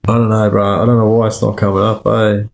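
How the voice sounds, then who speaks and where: A man's voice: on the low side, level tone, fast, gravelly. A young Australian man casually telling a story from his past, swearing often and rambling with plenty of "like" and "bro". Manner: profane, rambling, says "like" and "bro" a lot. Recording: echoey room.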